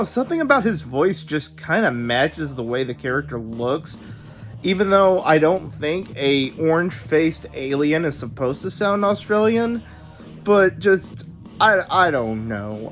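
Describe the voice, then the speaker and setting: Opinionated man with a lively voice. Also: a little high. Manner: opinionated, expressive, with stammering asides. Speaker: video host reviewing dubs. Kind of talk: casual commentary.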